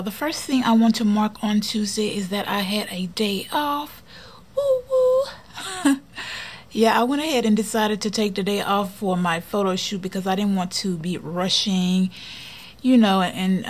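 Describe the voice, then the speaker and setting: A woman chatting casually while decorating her planner for a vlog, often dropping to a soft near-whisper. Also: mid-range voice, moderate pace. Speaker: planner vlogger.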